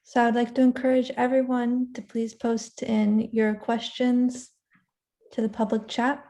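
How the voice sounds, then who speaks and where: A woman hosts an online meeting in a polite, welcoming way, speaking over a video call. Her voice has a mellow, warm tone. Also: on the high side, little pitch movement, measured pace. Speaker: meeting host.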